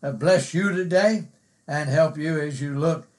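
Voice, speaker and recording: An older man preaching a sermon, slow and emphatic, repeating words and pausing on fillers. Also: a little high.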